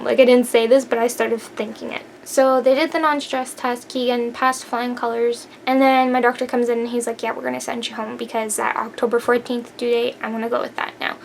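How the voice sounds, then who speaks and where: A woman's voice: a little high, vocal fry, slight background noise. A young woman vlogger telling a personal story in a casual, emphatic way. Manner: animated, emphatic, laughs while telling.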